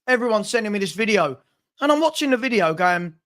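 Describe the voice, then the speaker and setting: A man's voice: high-pitched, very animated, brisk, fairly bright tone. A man hosting a football channel, venting on a live stream with stammering restarts and repeated phrases. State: frustrated.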